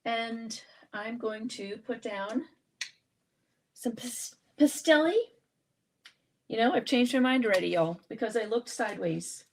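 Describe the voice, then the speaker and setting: A woman's voice: a little high, unhurried, slight background noise. A woman hosting a live art journaling session, chatting and thinking aloud as she works through a casual craft demonstration.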